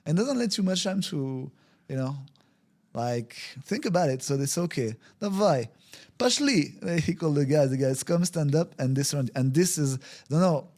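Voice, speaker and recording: A man's voice: a little high, lively intonation, normal speed, warm tone. A man, a guest on a podcast, telling a story in conversation. He acts out the scenes with quoted voices, uses non-native phrasing, and often restarts his sentences. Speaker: podcast guest, wellbeing consultant.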